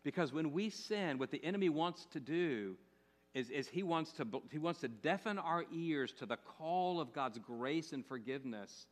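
Pastor guy preaching, fairly high voice, lots of repeats and "amen?" type questions. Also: animated, moderate pace. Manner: repetitive, rhetorical questions to the congregation. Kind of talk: sermon.

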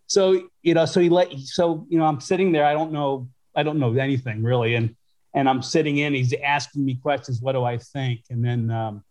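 A man's voice: mid-range voice, fairly even intonation, a little fast, a little mellow. A middle-aged man from Western New York, a podcast guest recalling his career in a rambling, conversational way full of restarts and fillers. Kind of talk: conversational storytelling.

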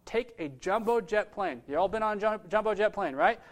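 A man, a pastor, telling a story in a sermon with lively, casual delivery that swings between loud bursts and hushed moments. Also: high voice, a little fast.

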